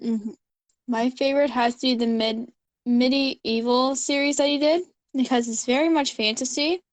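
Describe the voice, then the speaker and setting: A woman's voice: high voice, steady tone, normal speed, no room sound. A woman co-hosting a casual chat who talks in a chatty, agreeable way and laughs along often. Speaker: co-host.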